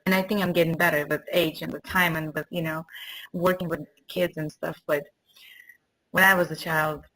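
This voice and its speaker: Casting: earnest woman host, lowish voice, emotional and warm-hearted chat. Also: fairly even intonation, normal speed, poor audio. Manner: earnest, emotional, laughs between sentences. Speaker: summit host. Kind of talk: casual interview chat.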